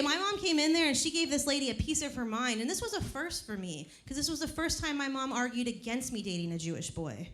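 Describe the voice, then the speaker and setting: A woman in her thirties doing a profane stand-up comedy set on a club stage, telling punchy stories. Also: high-pitched. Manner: brash and profane, punchy storytelling. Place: comedy club stage before a laughing crowd. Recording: live club recording with faint crowd noise.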